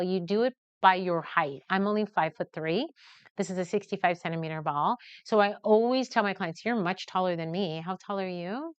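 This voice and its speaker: A middle-aged woman hosting a live newborn photography session, chatty and animated, acting out the people in her stories. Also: mid-range voice, smooth, no echo. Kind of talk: lively storytelling while demonstrating a shoot. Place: photo studio during a live stream. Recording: slightly dull, muffled audio.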